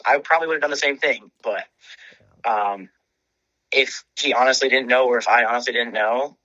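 A man's voice: medium pitch, moderate pace, pushed and bright, muffled recording. A young man co-hosting a podcast, chatting casually, swearing freely and laughing often. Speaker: podcast co-host. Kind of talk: casual chat.

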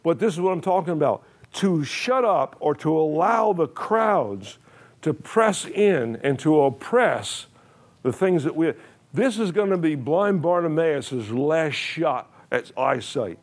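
A man with a slightly high, animated voice delivers an unhurried sermon. His words are plain and folksy; he presses his points, repeats phrases, asks the congregation questions, and often restarts with an "uh."

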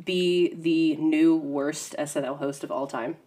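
A woman's voice: deep voice, fairly even intonation, a little slow, warm tone. A woman co-hosting a podcast, trading playful banter and swearing casually with friends. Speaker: podcast co-host. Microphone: podcast microphone.

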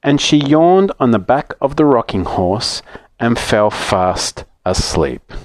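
A man reading a children's story aloud with gentle, expressive storytelling. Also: medium pitch, takes it slowly, dry recording.

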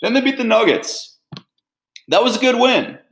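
A man's voice: very high-pitched, expressive, moderate pace, vocal fry, fairly bright tone. A man hosting a sports podcast, delivering a blunt, fired-up, opinionated rant.

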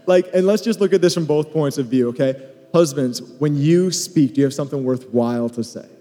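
A podcast co-host teaches at a marriage conference from a stage in a large hall, teasing and joking and addressing husbands and wives in the audience directly with crowd asides. His voice is fairly high and dark-toned, his delivery brisk. The live hall recording has long reverb.

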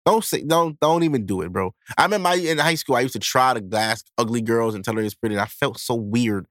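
A man's voice: medium pitch, fast, a bit bright, no room sound, clean studio sound. A man hosting a podcast in casual chat, blunt and profane, acting out people as he goes. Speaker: podcast host.

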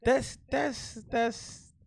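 A man's voice: very high voice, steady tone, very slow, creaky, no room sound, studio quality. A young man co-hosting a casual podcast chat, opinionated and emphatic, often stammering and restarting. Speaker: podcast co-host. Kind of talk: casual chat recapping a reality show.

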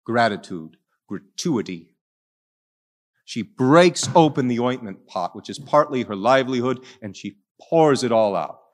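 A male Catholic priest giving a sermon, telling a story dramatically and swinging between hushed lines and loud ones. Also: medium pitch, animated, a little slow.

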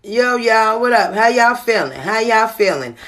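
A woman's voice: a little high, lively intonation, unhurried, fairly bright tone. A woman calling in to a casual show, ranting in an exasperated, slangy way. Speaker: caller. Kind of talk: casual chat.

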